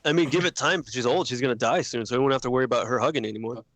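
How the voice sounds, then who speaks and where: A man's voice: medium pitch, rapid-fire, a bit bright, dry recording. Sarcastic, laid-back podcast co-host, man. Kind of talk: casual comedy podcast chat.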